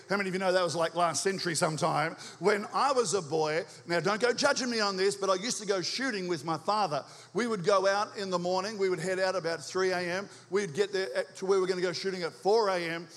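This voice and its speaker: An Australian man preaching a sermon in a church, fast and energetic, stirring up the congregation with call-and-response questions. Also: high voice, in a large hall. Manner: talks quickly. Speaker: visiting preacher.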